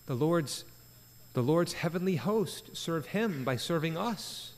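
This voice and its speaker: A man's voice: fairly high pitch, animated, slow pace. Preaching man in a reverberant church. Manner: earnest preaching with emphatic rises. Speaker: pastor. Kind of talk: sermon at a prayer meeting. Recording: church sanctuary with long reverb.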